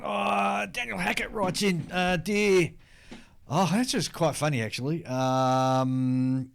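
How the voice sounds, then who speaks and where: A man's voice: a little high, fairly even intonation, slow, creaky, a little hiss or hum. An Australian man co-hosting a hobby podcast, chatting casually and reading out listener mail, rambling and laughing at himself. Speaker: podcast co-host.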